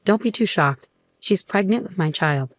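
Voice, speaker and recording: A woman's voice: on the low side, animated, normal speed, no room sound, natural voice. A woman voicing a blunt, matter-of-fact husband in a narrated story. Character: blunt cheating husband, adult man.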